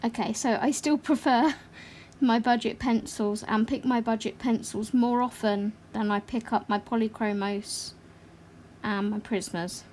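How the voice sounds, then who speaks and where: Woman chatting away on a craft livestream, high-ish voice, bit rambly. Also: fairly even intonation, darkish tone, a little hiss or hum. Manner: chatty and rambling, quick to laugh. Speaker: livestream host. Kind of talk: casual chat while colouring.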